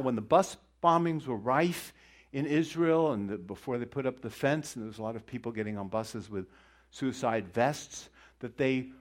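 A middle-aged man teaching a conversational sermon, wandering into joking asides and rhetorical questions. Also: mid-range voice. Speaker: Bible teacher.

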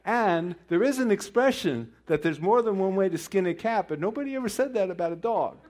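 A man's voice: high-pitched, animated, a little fast, darkish tone. A middle-aged man teaching a conversational sermon, wandering into joking asides and rhetorical questions. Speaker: Bible teacher.

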